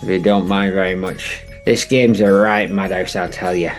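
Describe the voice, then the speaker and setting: A man's voice: low-pitched, fairly even intonation, moderate pace, faint music behind, lightly acted. A man voicing a grumpy old man who curses and grumbles at a phone game. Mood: ranting. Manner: gruff, cursing, grumbling rants. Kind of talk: comedy podcast sketch.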